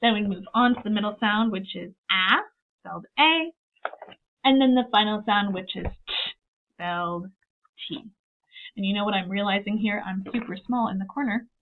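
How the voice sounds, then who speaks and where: A woman's voice: mid-range voice, normal speed. Upbeat woman teaching on a thin line. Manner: upbeat, models student dialogue step by step. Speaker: teacher trainer. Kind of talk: instructional video lesson. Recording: narrow phone-like sound.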